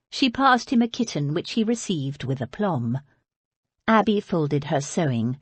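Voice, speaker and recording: Audiobook narrator, woman: low, husky, lively expressive reading, dry close mic. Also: moderate pace, no room sound. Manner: expressive storytelling. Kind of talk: scripted narration.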